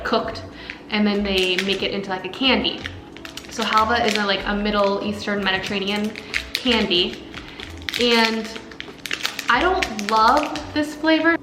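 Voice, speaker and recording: Young woman, food vlogger, chatty and upbeat, roomy kitchen, soft music underneath. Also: mid-range voice. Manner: chatty, upbeat, lots of fillers like "like". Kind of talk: casual vlog narration while cooking and eating.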